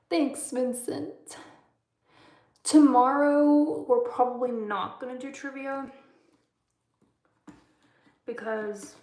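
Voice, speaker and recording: Slow-talking woman streaming live. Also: high voice, darkish tone. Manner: chatty, reads out and answers viewer comments, laughs often. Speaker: livestream host. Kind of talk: casual live-stream chat. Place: room at home, bedtime routine. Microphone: phone livestream. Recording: echoey room.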